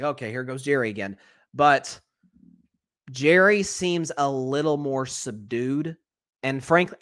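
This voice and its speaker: A man hosting a live sports talk show, talking in an animated way with frequent restarts and repeated words, and reading viewer comments aloud. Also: a little high.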